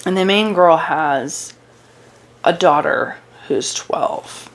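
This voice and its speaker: A young woman with a slightly low voice chats about a book she has read while she crochets. Her voice is going hoarse, and she rambles along with fillers and self-corrections. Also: animated, takes it slowly. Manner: chatty, rambling with fillers and restarts. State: losing her voice. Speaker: book vlogger.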